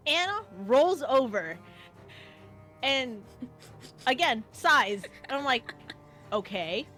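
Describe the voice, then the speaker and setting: A woman telling a funny story on a livestream, animated and swearing freely as she acts out what people said. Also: high-pitched, slow, soft background music. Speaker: guest co-streamer. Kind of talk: casual storytelling chat.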